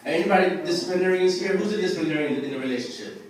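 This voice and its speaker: Guy doing open mic standup, high-ish voice, talks street, heard from far off in a super echoey room. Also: rapid-fire, a little hiss or hum. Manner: laid-back, streetwise, chats with the crowd. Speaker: stand-up comedian. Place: restaurant dinner show. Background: lively crowd laughing.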